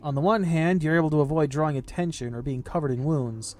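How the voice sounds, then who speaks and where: A man's voice: on the high side, quick pace, darkish tone, a little hiss or hum. Man reading game text aloud. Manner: reads text out steadily, then breaks off into casual comments. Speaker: game player and narrator.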